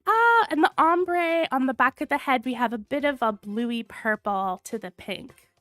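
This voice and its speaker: A woman hosting a casual livestream, sick with a cold, with a low sultry tone, gushing and reading viewer comments aloud. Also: a little slow, fairly bright tone, no room sound, faint music behind. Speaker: livestream host.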